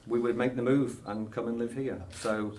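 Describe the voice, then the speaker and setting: A man's voice: medium pitch, steady tone, moderate pace, a little mellow, a little hiss or hum. A British man in his sixties with a British accent, answering interview questions in a hesitant, chuckling way full of ums. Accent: British English. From Britain. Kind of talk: casual interview.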